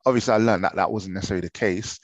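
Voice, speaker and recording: A young man co-hosting a football podcast, relaxed and chatty, often restarting his sentences. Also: on the low side, very fast, no room sound. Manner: relaxed, laughing, hesitant restarts. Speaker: podcast co-host. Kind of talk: casual football chat.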